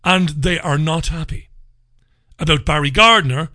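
A male radio talk show host giving crude, mocking commentary with loud bursts. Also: fairly high pitch, moderate pace, no room sound, clean studio sound. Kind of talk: ranting commentary.

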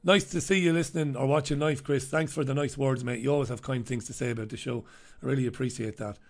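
A man's voice: medium pitch, steady tone, fast talker, creaky. A middle-aged man hosting a casual live stream, chatting and joking as he greets viewers by name. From Ireland.

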